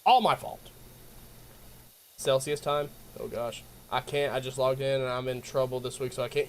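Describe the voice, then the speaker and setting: A man's voice: mid-range voice, moderate pace. A tired young man with a Southern US accent, rambling and giggling as he chats with his stream viewers. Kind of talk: casual chat with viewers.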